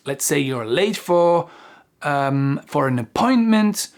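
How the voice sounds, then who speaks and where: A man with a French accent, a native French speaker, teaching English phrases in a casual video lesson, speaking slowly and articulating carefully with frequent ums. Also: on the high side, expressive.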